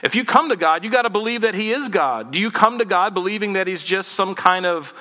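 A man's voice: high voice, lively intonation, fairly quick, sharp tone, big-room sound. A man in his forties preaching a sermon in a conversational, humorous way, acting out little dialogues. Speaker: pastor.

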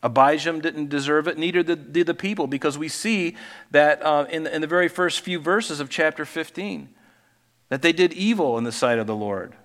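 A man giving a sermon, reading scripture aloud and adding relaxed, conversational comments. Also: on the high side, moderate pace, in a large hall. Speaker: pastor.

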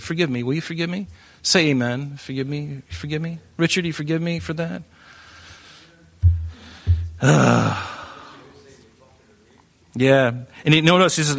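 A man preaching a sermon in an animated way, breaking into joking asides and acting out the voices of the people in his story. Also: fairly high pitch, brisk. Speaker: pastor.

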